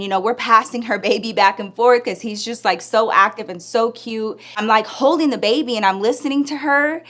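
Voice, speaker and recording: Woman w/ aave telling a story time, chatty and animated, mid pitch. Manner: chatty, animated, lots of "like" and "girl".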